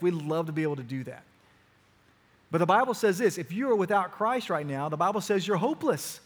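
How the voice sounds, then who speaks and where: High-voiced pastor preaching with urgent emphasis. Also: male voice. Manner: earnest, rising to emphatic urgency. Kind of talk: sermon. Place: church.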